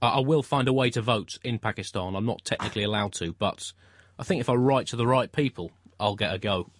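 A man co-hosting a comedy podcast, with a dry, deadpan mock-newsreader delivery. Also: medium pitch, fairly quick, no echo. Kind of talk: deadpan satirical news comedy.

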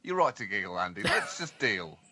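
A man co-hosting a comedy podcast, with animated, mock-indignant comic delivery. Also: fairly low pitch, fairly quick, slightly rough. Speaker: co-host.

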